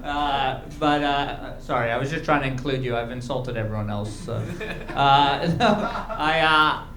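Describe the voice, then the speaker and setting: A man's voice: medium pitch, a little slow. A man hosting a comedy club, giving blunt, teasing feedback to comedians on stage. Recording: echoey club with loud crowd.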